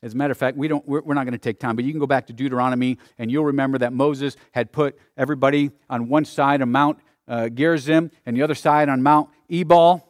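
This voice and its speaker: A man's voice: mid-range voice, fairly even intonation, fast, few pauses, dry recording, studio quality. A male pastor preaching a sermon and reading Scripture aloud, building to emphatic, rising peaks.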